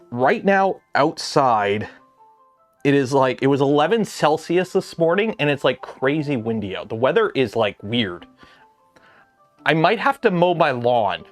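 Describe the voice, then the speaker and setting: A man hosting a casual livestream from his home garage, rambling with lots of filler words. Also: mid-range voice. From Canada. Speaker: livestream host.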